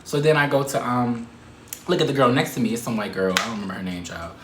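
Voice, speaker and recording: A man telling a story to the camera in a casual, animated way, swearing and laughing often. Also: mid-range voice, fast talker, reverberant, background noise.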